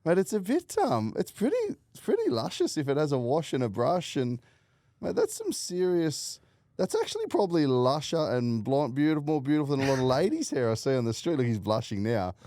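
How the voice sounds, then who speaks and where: A man's voice: on the high side, huge pitch swings, fairly quick, mellow, no room sound, clean studio sound. A man hosting a casual podcast interview, blunt, swearing freely and laughing a lot. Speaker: podcast host.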